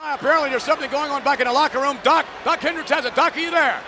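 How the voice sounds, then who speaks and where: A man doing excitable wrestling commentary in an archive broadcast. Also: very high voice, racing, slight background noise.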